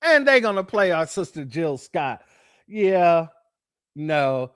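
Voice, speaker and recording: A man's voice: on the high side, very animated, takes it slowly, over music. A man giving sermon-style political commentary, preachy and sarcastic, calling his listeners family.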